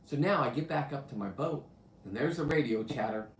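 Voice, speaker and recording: A male host shares profane, boastful diving stories on his show, his brash voice bouncing between loud bursts and mutters. He talks a little fast in a mid-range voice with lively intonation. The sound is roomy with a slight hiss or hum.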